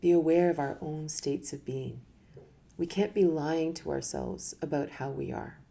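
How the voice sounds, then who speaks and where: A middle-aged woman with a low, gravelly voice gives a relaxed spoken talk. She is animated and laughs often, slipping into little voices to act out her thoughts. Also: unhurried. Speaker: spiritual teacher giving a live talk.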